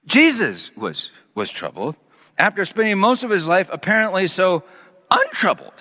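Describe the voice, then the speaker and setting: Man, preacher, sermon, bright forceful tone, loud peaks and hushed whispers, long reverb. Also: sits high, huge pitch swings, normal speed. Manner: dramatic swings from loud emphatic peaks to hushed near-whispers.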